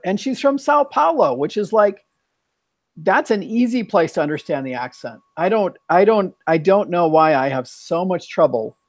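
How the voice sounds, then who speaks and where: A man's voice: sits high, no room sound. A man hosting a casual bilingual chat, rambling and thinking aloud as he talks. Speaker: host.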